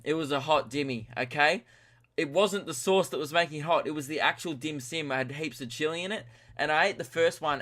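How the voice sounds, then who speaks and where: A man's voice: fairly high pitch, pushed and bright. An Australian man hosting a podcast, telling a rambling comic story with chuckles and self-mocking asides. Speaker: podcast host. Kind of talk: comedic storytelling monologue.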